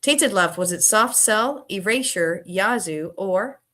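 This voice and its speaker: A woman with a bright, forward, medium-pitched voice hosts a relaxed live trivia stream, chatting casually with viewers. She reads the answer options slowly and laughs often. There is a little hiss or hum in the audio.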